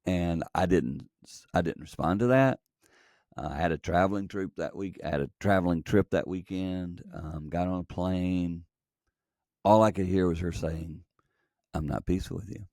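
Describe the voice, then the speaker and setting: A man's voice: sits low, normal speed, a little mellow, no echo, studio quality. A middle-aged man telling a personal story earnestly, acting out quoted dialogue, as a podcast guest. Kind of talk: conversational storytelling.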